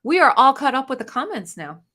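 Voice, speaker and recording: A woman hosting a casual book livestream, reading viewer comments aloud with quick, bubbly reactions. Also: high voice, very animated, pushed and bright. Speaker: book channel host.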